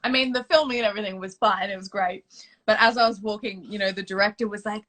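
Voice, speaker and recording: A woman's voice: medium pitch, quick pace. A young adult woman with an Australian accent, a musician laughing often as she tells stories in casual chat. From Sydney, Australia. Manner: giggly, excitable, says "oh my God" often. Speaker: musician guest.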